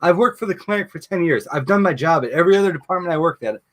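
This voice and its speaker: A man's voice: fairly high pitch, expressive, rapid-fire. A man hosting a casual live chat, telling a long profane story about his wife's job. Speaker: show host.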